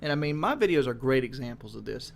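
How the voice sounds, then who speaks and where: A man's voice: medium pitch, lively intonation, fast talker, creaky, a little hiss or hum. A man giving a casual monologue as a gaming commentator, frank and rambling, with casual swearing.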